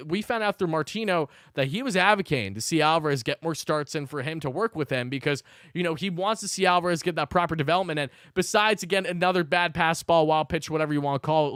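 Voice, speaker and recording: A man hosts a live postgame recap, fired up and cursing as he breaks down the game. His voice sits a little high and comes through smooth and clean. The sound is dry and close, with no room around it. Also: a bit bright, no echo. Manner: fired-up, swears, rants between recap. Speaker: sports channel host.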